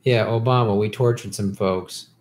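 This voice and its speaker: A man's voice: on the low side, steady tone, normal speed, darkish tone. A man hosting a casual live stream, reading viewer questions and answering in an opinionated, heated way with many restarts.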